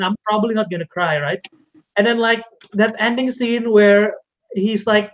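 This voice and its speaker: An animated man with an Indonesian accent hosting a casual podcast chat, laughing and swearing as he tells a story. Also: high voice, normal speed. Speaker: podcast host. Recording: dull lo-fi sound.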